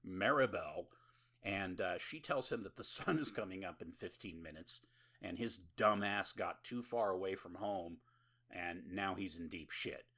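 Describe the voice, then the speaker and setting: A man's voice: low voice, unhurried, a bit bright. A male podcast host in casual chat, recapping a film in a rambling, laughing, profane way.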